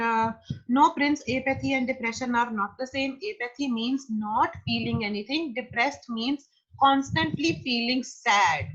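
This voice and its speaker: A woman's voice: fairly high pitch, a bit bright, breathy edge, muffled recording. A woman giving an online psychology lecture, explaining terms patiently and repeating key words.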